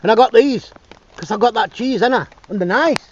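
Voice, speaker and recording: A man's voice: extremely high pitch, brisk. A man chatting casually while driving, blunt and sweary, talking to his dogs in between. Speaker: vlogger. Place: inside a car on the road. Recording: slightly dull, faint road noise.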